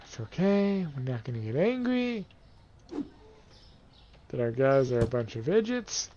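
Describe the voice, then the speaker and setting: A man's voice: medium pitch, sing-song, unhurried, dark tone, lo-fi sound, slight background noise. A man giving playful, casual commentary over a game, counting and thinking aloud to himself while he keeps yawning. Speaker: let's play gamer.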